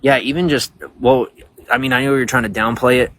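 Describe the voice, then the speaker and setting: A man's voice: medium pitch, fairly even intonation, a little fast, fairly bright tone, slight background noise. A man chatting casually on a livestream, rambling with lots of fillers, outdoors at night. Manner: rambling, talks to viewers, many fillers. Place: outdoors at night, bugs around.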